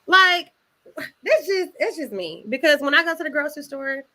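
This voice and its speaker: A woman's voice: sits high, expressive, moderate pace, bright, forceful tone. A woman co-hosting a casual chat, joking in a playful, dramatic way. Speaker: podcast co-host.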